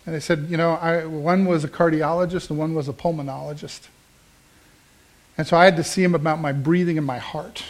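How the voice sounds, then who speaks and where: A middle-aged Midwestern pastor preaches from the pulpit in a voice a little high for a man, steady and brisk. He delivers his sermon conversationally as a personal story, acting out the voices of the people he quotes.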